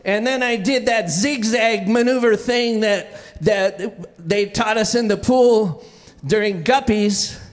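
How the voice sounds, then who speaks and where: A man telling a childhood story live on stage, animated and often restarting with repeated words. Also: high voice, slow, in a large hall, faint music behind.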